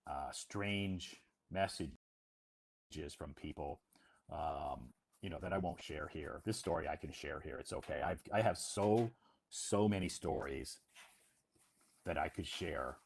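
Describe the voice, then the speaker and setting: A man's voice: a bass voice, unhurried, creaky, slight background noise. A man, an English teacher, telling a casual story on a livestream in a rambling way with many fillers and restarts.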